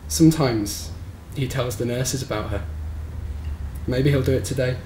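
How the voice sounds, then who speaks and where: A man reading his own short story aloud at a live bookshop event, in a measured, somber storytelling manner. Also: mid-range voice, warm tone. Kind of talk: live reading of literary fiction. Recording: roomy live recording with faint background noise.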